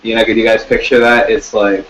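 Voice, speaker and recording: A man talking casually and rambling, with halting restarts and frequent swearing. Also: fairly low pitch, flat delivery, fairly bright tone, a little hiss or hum. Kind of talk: casual chat. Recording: dull lo-fi sound.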